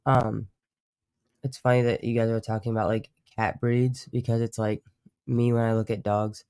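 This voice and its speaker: A man's voice: medium pitch, flat delivery, normal speed, darkish tone, smooth, no room sound, clean studio sound. Rambling, cussing male streamer. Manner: rambling, profane, self-interrupting. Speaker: livestream host. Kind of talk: casual live stream chat.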